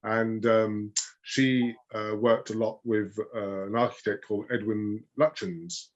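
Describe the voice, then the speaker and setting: A man speaking as a rose expert in a casual chat, hesitant with many fillers, often trailing off softly. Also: fairly low pitch, little pitch movement, a little slow, dull audio. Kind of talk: casual video-call chat.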